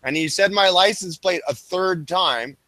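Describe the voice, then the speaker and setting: A man's voice: high voice, a little slow, a crowd in the background. A man hosting a casual stream, telling a rambling story full of fillers and restarts. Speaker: stream host.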